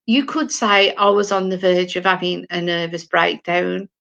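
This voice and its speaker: A British woman in her sixties, a spiritual medium, telling her personal story slowly and emotionally, often repeating words. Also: lowish voice, fairly even intonation, gravelly, a bit bright, lo-fi sound. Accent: British English. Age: 60s. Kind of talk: personal testimony talk.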